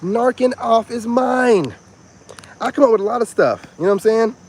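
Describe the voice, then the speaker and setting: A man talking as a self-help influencer in a casual vlog monologue. He is animated and rambling, and he keeps repeating "you know what I'm saying.". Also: very high-pitched, moderate pace, slight background noise.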